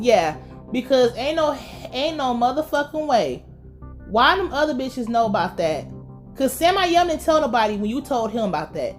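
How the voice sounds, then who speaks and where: Animated, foul-mouthed woman recapping TV. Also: high voice, moderate pace, faint music behind. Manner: blunt, profane and animated. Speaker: TV recap vlogger. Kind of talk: casual TV episode recap.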